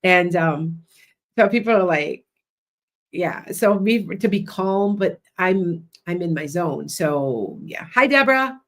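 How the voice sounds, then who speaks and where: A woman hosting a livestream as a psychic and hypnotist, chatting loudly and rambling with many restarts. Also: on the low side, lively intonation, slow pace.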